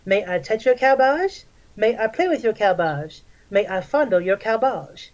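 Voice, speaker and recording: Man playing a leering masked wrestler, slow and dopey, dull lo-fi audio. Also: high voice, expressive. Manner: slow and dopey, like a cartoon kid.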